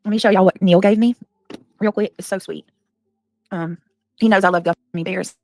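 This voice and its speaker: A woman's voice: mid-range voice, fairly even intonation, moderate pace, a little mellow, no room sound. A woman chatting casually on a livestream, reading out and thanking donations.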